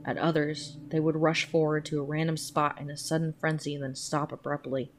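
Woman with a low voice reading a horror story slow and hushed, guitar music under it. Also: flat delivery. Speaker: podcast storyteller. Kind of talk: scripted horror narration.

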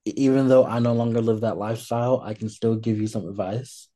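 A man co-hosting a podcast in casual chat, relaxed and hesitant, with frequent ums between points. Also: medium pitch, a little fast. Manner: relaxed, hesitant with many fillers. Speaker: podcast co-host.

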